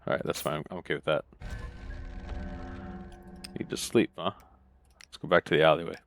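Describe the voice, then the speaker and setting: A man's voice: extremely low pitch, little pitch movement, rapid-fire, vocal fry, faint music behind. A man playing a game, reading its text aloud in casual commentary with laid-back muttered asides, on a close desk mic. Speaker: let's play gamer.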